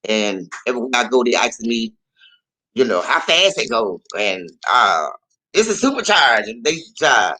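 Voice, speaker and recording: A man telling a story in a casual vlog, profane and animated, often repeating his phrases. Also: medium pitch, moderate pace, poor audio. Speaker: vlogger.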